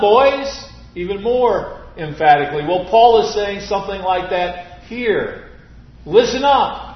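A man preaching a sermon, speaking deliberately and stressing key words emphatically. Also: sits high. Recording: roomy, slightly dull recording.

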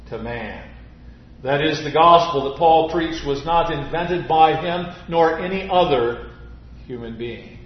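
A man delivers a sermon at an unhurried pace, stressing his key points emphatically. His voice sits a little high, and the recording is echoey and slightly muffled, with faint noise behind it. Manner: emphatic, deliberate, with drawn-out stresses. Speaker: preacher. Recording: roomy, slightly dull recording.

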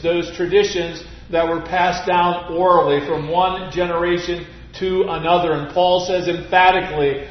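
A man preaching a sermon, speaking deliberately and stressing key words emphatically. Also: fairly high pitch. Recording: roomy, slightly dull recording.

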